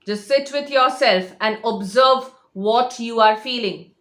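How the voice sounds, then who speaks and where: A fairly high-voiced woman talks straight to her viewers as a coach. She is insistent and emphatic, hammering on the same points again and again. The room around her rings with echo. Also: measured pace, a bit bright. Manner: insistent, repeats herself, emphatic. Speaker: manifestation coach. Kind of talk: direct-to-camera motivational talk.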